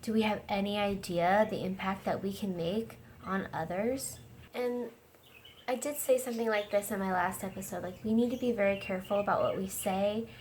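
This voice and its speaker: Earnest woman excitedly retelling an episode. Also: medium pitch, normal speed, slight background noise. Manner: earnest and enthusiastic, acts out scenes in quoted voices. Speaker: host discussing a series. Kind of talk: casual video discussion.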